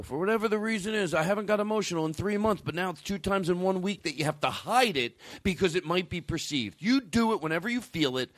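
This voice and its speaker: With a caller patched in, this man hosts a podcast from a studio mic, telling stories loosely and profanely and repeatedly starting over mid-thought. His voice is on the high side, and the sound has no echo.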